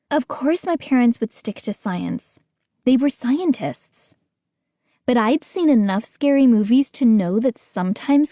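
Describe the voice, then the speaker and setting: A woman narrating an audiobook in a measured storytelling manner. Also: on the high side, warm tone, no room sound, clean studio sound.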